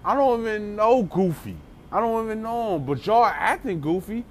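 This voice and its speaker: A man voicing a bored little kid who whines flatly that he wants to go home. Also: high-pitched, normal speed, slight background noise, pitched above the performer's own voice. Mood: fed up.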